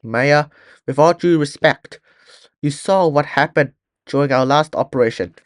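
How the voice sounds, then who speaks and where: A man voicing a cautious male army colonel who speaks in a measured, reasoning way. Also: fairly high pitch, no echo, studio quality, close to an everyday voice.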